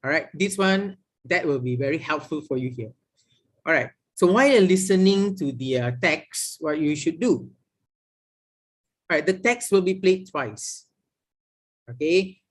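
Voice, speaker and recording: Malaysian-accented man lecturing, slightly high voice. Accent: Malaysian English. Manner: explanatory, sprinkles "okay" and "all right" between points. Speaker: English language lecturer. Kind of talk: classroom lecture on exam listening skills.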